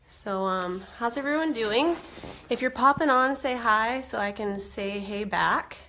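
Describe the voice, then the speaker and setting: Slow-talking woman, congested, chatty. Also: medium pitch, sharp tone, slight background noise. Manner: chatty, lots of ums and asides to viewers. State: congested from a cold. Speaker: direct sales consultant. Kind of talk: casual live video chat.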